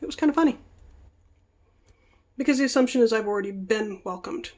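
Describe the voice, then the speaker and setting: A woman vlogger rambles through casual stories, chatty and self-interrupting. Her voice sits slightly high for a woman. She talks while busy with a task at hand. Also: brisk, a little mellow. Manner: working with her hands while talking.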